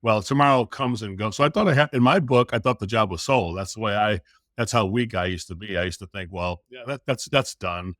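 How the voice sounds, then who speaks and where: Animated man telling a sales story. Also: lowish voice, a little fast, no echo, clean studio sound. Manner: animated storyteller who acts out quotes. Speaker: podcast guest. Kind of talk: casual storytelling.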